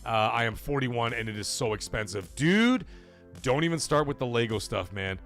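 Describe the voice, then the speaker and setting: Animated man ranting on stream. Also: medium pitch, moderate pace, soft background music. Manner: animated, emphatic, blunt with swearing. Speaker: gaming show host. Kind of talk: livestream chat and rant.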